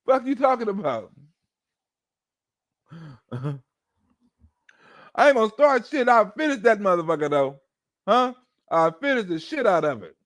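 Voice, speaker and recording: A man's voice: sits high, expressive, takes it slowly, pauses often, fairly bright tone. A man giving a profane, mocking political monologue as a streamer. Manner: mocking, rants and acts out chants.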